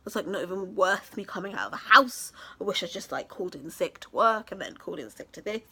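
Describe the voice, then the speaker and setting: A woman's voice: medium pitch, expressive, quick pace, sharp tone, husky. A young woman from England, telling a story in a casual vlog, chatty and gushing with many fillers. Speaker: vlogger.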